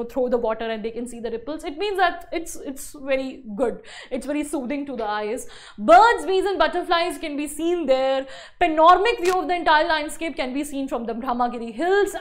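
A woman with an Indian English accent gives an online English lesson in a high, light voice. She explains each point by restating it in new words and leans on "you know" as she goes. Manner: explains by repeating and rephrasing, many "you know" fillers. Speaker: English teacher. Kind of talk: online class lecture.

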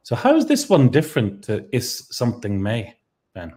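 A man with an Irish accent teaching Irish grammar in a relaxed chat, thinking aloud with frequent ums and restarts. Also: medium pitch, moderate pace, husky. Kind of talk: explaining grammar in a relaxed two-person lesson.

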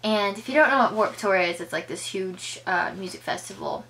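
A woman's voice: lively intonation, normal speed, vocal fry, fairly bright tone. A young woman telling a casual storytime on her vlog, chatty, full of filler words, and acting out the lines she quotes. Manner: chatty, filler-heavy, acts out quoted lines with big pitch jumps. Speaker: vlogger.

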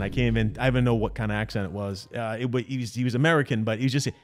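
A man's voice: medium pitch, rapid-fire, few pauses, faint music behind. A man in his forties co-hosting a podcast, telling a story in casual chat and acting out the people he quotes. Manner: animated storyteller, acts out quotes. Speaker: podcast co-host.

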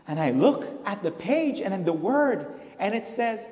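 A man's voice: fairly high pitch, a little slow. A man from Rico, a Spanish speaker telling stories on stage with wry asides. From Puerto Rico. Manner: animated storytelling with wry asides. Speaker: professor and solo performer. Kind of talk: one-man stage storytelling. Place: large hall on stage. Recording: echoey hall, live stage.

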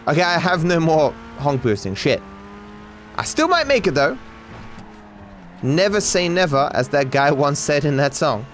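A man's voice: on the high side, sing-song, a little slow, long pauses, fairly bright tone, a little hiss or hum. An Australian man giving sarcastic, swearing live commentary on a game as a streamer, talking to his chat.

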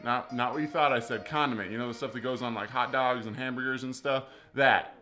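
A man's voice: medium pitch, steady tone, a little fast, pushed and bright, faint music behind. A man in his twenties chatting casually to camera as a vlogger, playfully overdramatic and jokey. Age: 20s. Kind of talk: casual vlog chat to camera.

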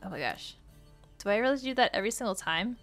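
Excitable lady chatting through a farming game, voice bounces up and down a lot, soft music behind. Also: medium pitch, fast talker. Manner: chatty and excitable, gasping and reacting aloud. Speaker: gaming channel host. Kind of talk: casual let's-play commentary.

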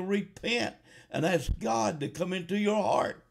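A gravelly-voiced man delivers a fiery revival sermon. He speaks slowly and deliberately, then rises to loud, impassioned appeals. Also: sits high, lively intonation. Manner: slow, building to shouted fervor. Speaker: preacher.

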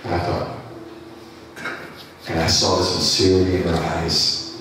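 A pastor telling a rambling sermon story with many restarts. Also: male voice, deep voice, little pitch movement, unhurried, a bit bright, a little hiss or hum. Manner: rambling anecdotal delivery with restarts. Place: church. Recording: echoey church hall from a distance.

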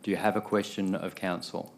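A man's voice: sits low, little pitch movement, a little fast, creaky. A man chairing a council meeting as mayor, polite and patient, often repeating himself. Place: council chamber.

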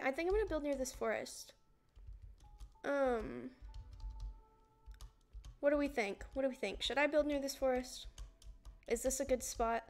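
A chatty young woman talks to her viewers while she plays, rambling from one thing to the next in a fairly high voice. Faint music plays behind her. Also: a little mellow. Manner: chatty, rambling, often laughing, greeting viewers. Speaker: streamer. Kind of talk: casual livestream chat while gaming. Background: music playing.

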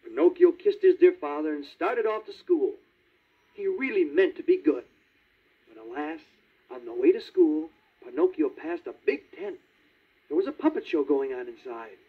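A man narrating a read-along children's storybook in a lively, child-friendly way. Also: fairly high pitch, moderate pace, breathy edge. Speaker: storybook reader. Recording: tinny 1950s vinyl record.

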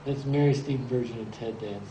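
A man in his sixties giving a rambling, anecdotal talk about his photographs, halting now and then as he tells his stories. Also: medium pitch. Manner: rambling storyteller, relaxed and halting. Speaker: photographer presenting his pictures. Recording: roomy echo, distant mic, faint hiss.

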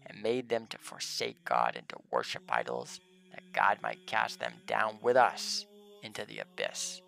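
A man reading as a gravelly boastful demon. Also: lowish voice, very animated, unhurried, sharp tone, soft background music, full character voice. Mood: defiant. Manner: solemn archaic reading of a demon's speech. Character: fallen male demon spirit, boastful and defiant.

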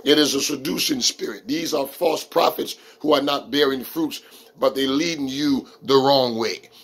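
A man preaching a sermon as a street pastor, emphatic and slowing down to read scripture verses. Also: medium pitch, a bit bright.

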